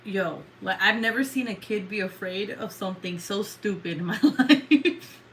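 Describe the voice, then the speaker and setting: A woman's voice: mid-range voice, moderate pace, a little hiss or hum, poor audio. A woman in her thirties chatting casually with viewers, swearing, rambling and laughing often. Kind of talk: casual chat.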